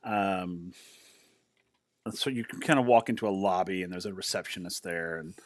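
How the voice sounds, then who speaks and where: A man's voice: sits low, steady tone, normal speed, no room sound, studio quality. A man narrating a tabletop game as game master, chatty and rambling as he describes the scene. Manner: chatty, rambling, many fillers and restarts.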